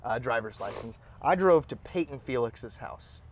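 Animated young man telling stories. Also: mid-range voice, normal speed, gravelly, a little hiss or hum. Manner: animated storyteller, acts out his own reactions. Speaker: podcast co-host. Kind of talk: casual chat, storytelling.

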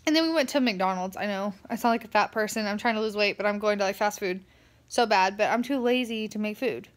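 A woman's voice: medium pitch, fairly quick. A tired young woman, rambling through a casual vlog rant full of fillers. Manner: chatty, rambling, lots of "like" fillers. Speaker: vlogger.

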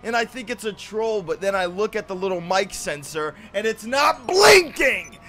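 High-pitched lisping man raging at a game. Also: expressive, moderate pace, a little hiss or hum. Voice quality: lisp. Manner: yelling and swearing in bursts of rage. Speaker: game streamer. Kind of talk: raging live gameplay commentary. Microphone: cheap mic that cuts out on loud shouts.

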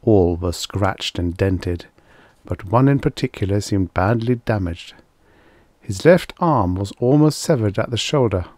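A man narrating a vintage science fiction short story in a measured, steady way. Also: fairly low pitch, no room sound. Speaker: audiobook narrator.

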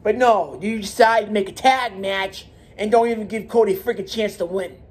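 A man's voice: sits high, normal speed. A man hosting his own wrestling commentary channel, talking alone in a heated, emphatic way, repeating his points and restarting words. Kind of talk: solo wrestling opinion rant.

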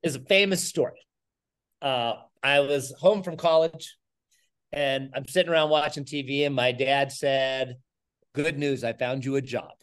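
A middle-aged man telling a story as an interview guest, energetic and animated, acting out the voices of the people in it. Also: mid-range voice. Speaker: podcast guest, entrepreneur.

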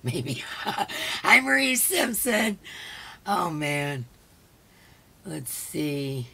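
Hoarse, gravelly woman hosting a live stream. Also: sits low, very animated, very slow, bright, forceful tone. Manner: chatty, greets viewers one by one by name. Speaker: livestream host. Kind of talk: casual live-stream chat.

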